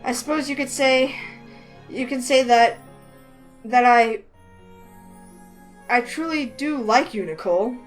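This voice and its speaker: A woman voicing a shy, soft-spoken young man who talks politely and formally and hesitates, with faint music behind her. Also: fairly high pitch, takes it slowly, pauses often, low-quality recording. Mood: earnest.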